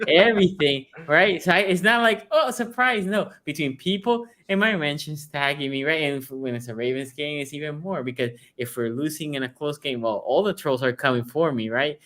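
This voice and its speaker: A man's voice: on the high side, brisk, hardly any pauses, pushed and bright. A man hosting a casual sports podcast, chatty and often tagging his points with "right?". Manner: chatty, peppers talk with "right?". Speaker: podcast host.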